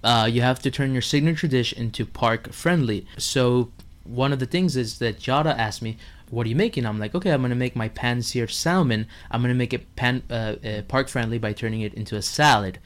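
Man, chef guest, lively storyteller who acts out voices and laughs a lot; middle pitch, casual podcast chat. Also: a little fast. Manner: animated storyteller, acts out others' lines, laughs often.

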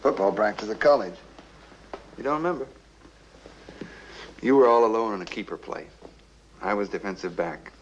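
A man's voice: lowish voice, moderate pace, pauses often, dull audio, a little hiss or hum, natural voice. An actor playing a drunk, cowardly rich man who rambles with a bitter, wistful edge. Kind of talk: TV drama acting.

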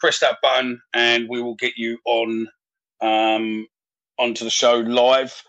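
Bloke hosting a live fan show, relaxed chatty, lots of ums and uhs, mid pitched voice. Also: male voice, slow pace, lo-fi sound. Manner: easygoing, chatty, loose with fillers. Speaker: podcast host.

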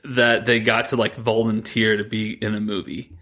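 A man's voice: fairly low pitch, flat delivery, normal speed, sharp tone. A man co-hosting a podcast, rambling through a mocking movie recap and laughing between his lines in casual chat. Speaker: podcast co-host.

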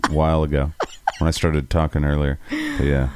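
A man's voice: a bass voice, huge pitch swings, a little fast, clean tone, no echo. A man co-hosting a podcast and playing in a band, rambling and joking in casual chat. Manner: rambling, joking, self-deprecating. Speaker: podcast co-host, band musician.

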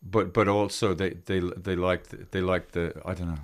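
Irish guy hosting, real low voice, keeps restarting his sentences. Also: flat delivery, normal speed. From Ireland. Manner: hesitant, searching for words with many restarts. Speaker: podcast host. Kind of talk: casual podcast chat.

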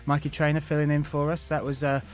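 A man's voice: a little high, flat delivery, fast talker. A man in his forties hosting a podcast, chatting casually with jokey, rambling banter. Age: 40s. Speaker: podcast host. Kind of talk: casual chat.

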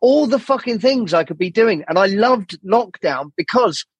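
Male podcast guest, husky and a touch high, tangents and swearing, dry close sound. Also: animated, moderate pace, no room sound. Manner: swears a lot, rambling, acts out quoted people. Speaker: podcast guest, jazz saxophonist. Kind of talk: candid podcast conversation.

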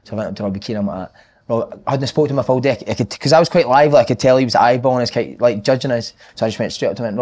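A man's voice: medium pitch, darkish tone. A Scottish man in his thirties telling stories on a podcast, swearing and laughing with friends. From Scotland. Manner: swearing, laughing storyteller, quick banter. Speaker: podcast co-host, ex-footballer. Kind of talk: casual chat, storytelling.

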